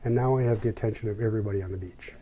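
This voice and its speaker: Male interview guest, unhurried and reflective storyteller, dark mellow tone. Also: fairly low pitch, steady tone, lo-fi sound, a little hiss or hum. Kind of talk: personal storytelling.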